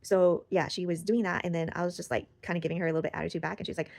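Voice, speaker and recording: A woman's voice: on the low side, racing, gravelly, few pauses, darkish tone, no echo. A young woman sharing a personal story in casual, rambling talk full of fillers and restarts, recorded close on the mic. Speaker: channel host.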